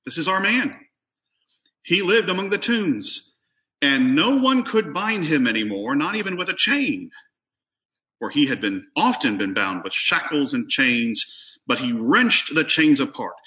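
A male preacher delivering a sermon, his pitch swinging widely as he moves from reading scripture to talking it through. His tone is bright and forceful. He keeps asking his listeners questions and sometimes doubles a word as he starts a phrase over. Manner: reads scripture aloud and asks the congregation questions; often repeats a word as he restarts.

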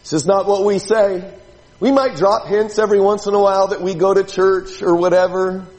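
A man's voice: high voice, fairly even intonation, normal speed, darkish tone, in a large hall, poor audio. A man preaching a sermon in a church, talking to the congregation in a conversational way and asking many rhetorical questions. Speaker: pastor.

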